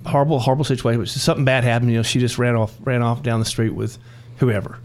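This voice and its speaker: A man's voice: mid-range voice, steady tone, quick pace, darkish tone. A man working as a real estate agent who tells folksy, rambling stories and often restarts his words. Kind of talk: casual chat.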